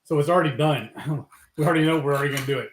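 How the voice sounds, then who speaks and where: Pitched on the high side and talking rapid-fire, this male co-host of a live cooking stream keeps things casual. His explanations wander, full of fillers as he searches for the right words, and the recording carries room echo.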